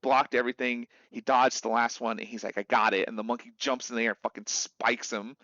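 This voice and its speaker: A man's voice: mid-range voice, fairly quick, dry recording. A young man streaming, casually chatting about a video game and acting out quotes in different voices. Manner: animated storyteller, acts out quotes in voices. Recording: dull lo-fi dry mic.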